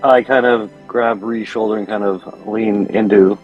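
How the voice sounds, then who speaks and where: Male player, low voice, dull muffled recording. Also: fairly even intonation, measured pace, hardly any pauses, faint music behind. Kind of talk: in-character tabletop play. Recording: muffled lo-fi mic.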